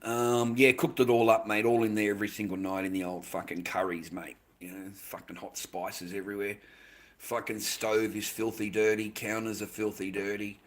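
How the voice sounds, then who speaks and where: A man's voice: fairly low pitch, flat delivery, moderate pace. An Australian man livestreaming, rambling in casual chat, swearing constantly and ending his lines with "mate".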